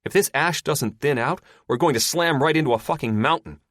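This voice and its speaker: A man voicing a tense, profane male fighter-jet weapons officer who shouts over the comm in an audiobook. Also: fairly high pitch, brisk, no echo, clean studio sound, voice pushed up. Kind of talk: audiobook character voice.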